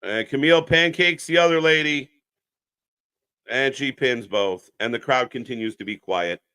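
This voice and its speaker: A man's voice: medium pitch, normal speed, sharp tone, clean tone. A man hosting a live wrestling watch-along stream, riffing bluntly and sarcastically with lots of swearing while talking to the chat. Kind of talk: unscripted live alternative commentary.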